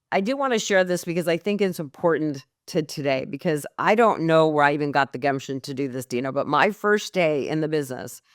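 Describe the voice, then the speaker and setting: A middle-aged woman, a mortgage coach, telling a candid, lively story as a podcast guest. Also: sits low, dry recording, clean studio sound.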